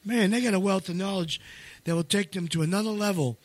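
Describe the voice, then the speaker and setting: Rambling, emphatic man with a higher voice. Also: a little fast, dry recording. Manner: rambling, full of restarts and fillers. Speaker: seminar leader and co-author. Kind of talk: casual promotional chat.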